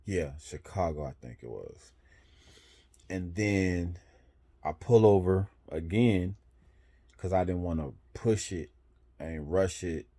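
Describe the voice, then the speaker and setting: Deep-voiced rambling trucker man. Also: slow pace, pauses often, mellow. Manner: rambling, self-correcting, punctuates with "boom". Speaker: truck driver. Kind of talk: casual storytelling.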